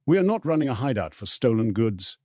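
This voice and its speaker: A man voicing a middle-aged mother scolding someone loudly. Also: mid-range voice, very animated, a little fast, dry recording, clean studio sound, voice pushed up. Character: angry mother shouting, middle-aged woman.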